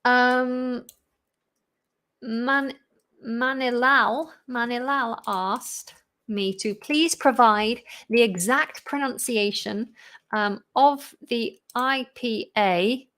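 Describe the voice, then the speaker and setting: A woman is teaching English on a live stream, reading out viewers' questions from the chat. She answers them in a loose, chatty way, with fillers and quick asides along the way. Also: on the high side, a bit bright, smooth.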